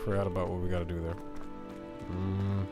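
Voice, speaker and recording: A man streaming a video game, talking in a casual, excitable, chatty way and reading his chat aloud. His voice sits a little on the low side. Game music plays clearly behind him. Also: a little fast. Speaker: gaming streamer. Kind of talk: casual let's-play commentary.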